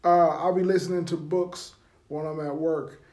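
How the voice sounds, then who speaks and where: A woman's voice: deep voice, fairly even intonation, moderate pace, warm tone. Blunt, profane woman podcaster. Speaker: podcast co-host. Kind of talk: casual chat.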